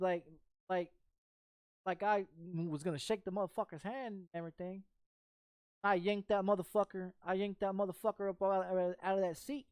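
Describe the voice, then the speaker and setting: A man's voice: sits high, clear, resonant tone, no echo, clean studio sound. A man telling a personal story in casual chat while streaming a game, profane and rambling with frequent repeats.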